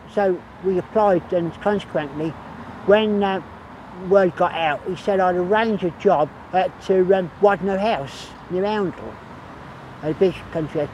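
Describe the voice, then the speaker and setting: Older man, hospital gardener, rambling chatty recollection, fairly high voice, faint traffic outdoors. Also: a little mellow, lo-fi sound. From England. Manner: rambling, repeats "so consequently". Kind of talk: casual reminiscing.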